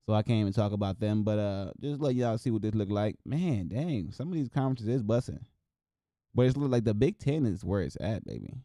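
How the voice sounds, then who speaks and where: A man from Wisconsin hosting a casual solo show, reacting to scores and news in a loose, excitable, slangy way and talking straight to his viewers. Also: lowish voice, fairly quick, no room sound, clean studio sound. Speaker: host.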